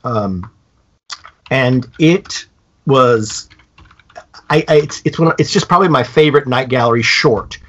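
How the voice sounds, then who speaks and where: A man co-hosting a podcast, retelling a story in a casual, animated way with many halting restarts. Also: mid-range voice. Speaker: podcast co-host. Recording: dull lo-fi podcast audio.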